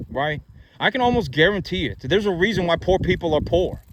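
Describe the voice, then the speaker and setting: Blunt guy lecturing on money, keeps saying right and you know, kinda high voice, noisy outdoor sound. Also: expressive, fast, dull audio. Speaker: farmer and investment vlogger. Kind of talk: blunt opinion monologue. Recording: noisy background.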